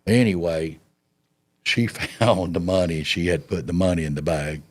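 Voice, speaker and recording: A man's voice: deep voice, steady tone, a little slow, slightly rough. A man telling a long story in an interview, folksy and drawling, chuckling as he goes. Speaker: interview guest recounting his past.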